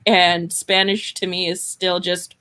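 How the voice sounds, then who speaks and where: A woman's voice: fairly low pitch, flat delivery, slow pace, bright, forceful tone, clean tone. Chatty woman from Arizona. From Arizona, USA. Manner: chatty, self-deprecating, rambling. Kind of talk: casual chat.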